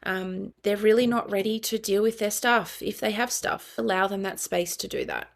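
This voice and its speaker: Gravelly-voiced Australian woman counselor. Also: medium pitch, steady tone, moderate pace. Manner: earnest, explanatory, with quoted dialogue. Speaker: guest, family and child counselor. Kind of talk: conversational interview.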